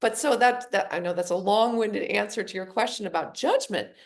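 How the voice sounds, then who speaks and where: A middle-aged woman with a gravelly, fry-tinged voice speaks as a psychologist guest on a podcast. She tells her stories in an animated way. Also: medium pitch, brisk. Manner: storytelling, animated voicing of quoted people. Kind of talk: podcast interview.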